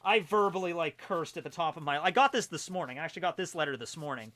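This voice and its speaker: Young guy streaming from home, kinda high bright voice, rambly and chatty. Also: lively intonation, fast. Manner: rambling, loose and chatty with many fillers. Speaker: streamer reading fan mail. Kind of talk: casual livestream chat.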